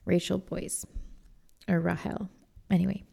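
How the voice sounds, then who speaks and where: A woman's voice: on the low side, flat delivery, unhurried, gravelly, mellow, breathy edge. A young woman hosting a casual solo podcast, talking in a rambling, self-deprecating way. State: tearful and choked up while reading. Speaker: podcast host and songwriting coach.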